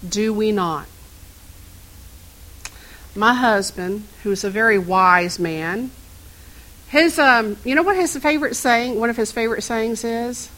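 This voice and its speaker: A woman minister delivers a sermon at an unhurried pace, her voice sitting a little high. She tells stories and turns to the congregation with questions. She sounds middle-aged. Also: a bit bright, poor audio. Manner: storytelling, asks the congregation questions.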